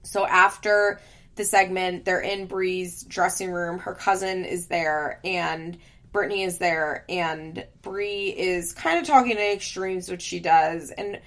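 Gravelly-voiced woman chatting frankly. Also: fairly low pitch, fairly even intonation, slow pace, a bit bright. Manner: frank and opinionated, swears casually, fillers like "like". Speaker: reality TV recap host. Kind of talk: casual recap chat.

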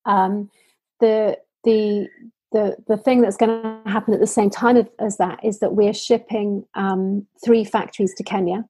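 A woman's voice: medium pitch, flat delivery, a little slow, dark tone, slightly rough, dry recording, poor audio. A woman from the UK, telling heartfelt stories earnestly as an interview guest. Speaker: social entrepreneur guest. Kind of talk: interview storytelling.

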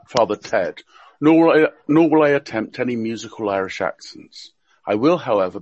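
Man, husky and wry, presenting a prepared talk over muffled call audio. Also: mid-range voice, dry recording. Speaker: panelist presenting a topic. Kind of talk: prepared talk read aloud.

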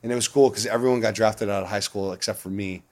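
A man with a fairly low voice tells long stories as an interview guest. He talks casually and swears freely. He often breaks into laughter along the way. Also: quick pace. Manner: profane, animated, laughs often. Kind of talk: casual storytelling.

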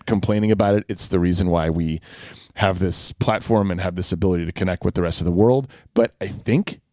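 A sincere, reflective middle-aged man talking casually as a podcast co-host. His voice is fairly low and sounds close and dry. He pauses and restarts as he works through his thoughts. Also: darkish tone, no echo. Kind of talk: casual chat.

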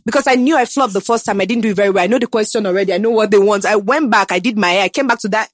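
A woman's voice: medium pitch, rapid-fire, no echo, studio quality. A young woman with a Nigerian accent, chatting in an interview about herself, confident and emphatic, slipping into Pidgin. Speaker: guest. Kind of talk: casual interview chat.

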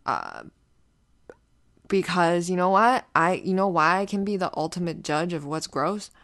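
Low-voiced woman telling a rambling story. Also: dry recording, studio quality. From grew up partly in Canada, moved there as a child. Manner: rambling, swears often, many restarts and asides. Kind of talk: casual profane storytelling monologue.

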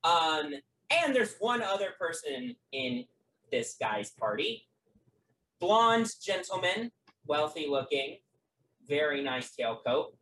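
A game master narrating a tabletop game in a halting way, with many fillers and restarts. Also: mid-range voice, very animated, fairly bright tone, slight background noise. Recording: roomy, from a distant mic.

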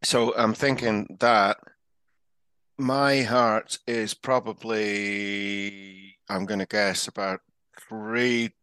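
A man's voice: fairly low pitch, steady tone, very slow, long pauses, sharp tone, smooth, no echo. Chatty man telling a comic anecdote. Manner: chatty, self-deprecating anecdotes. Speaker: podcast co-host. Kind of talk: comedic podcast storytelling.

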